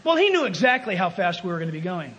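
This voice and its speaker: A man preaching a sermon, emphatic, swinging between loud calls and hushed asides. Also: high voice, sing-song, fast, husky.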